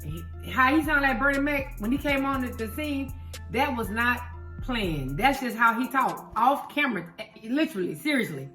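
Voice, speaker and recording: A woman's voice: on the high side, animated, normal speed, bright, forceful tone. A woman hosting her eating show, chatting animatedly to viewers and laughing often. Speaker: show host, wife. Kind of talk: casual chat on an eating show. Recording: echoey room, faint music.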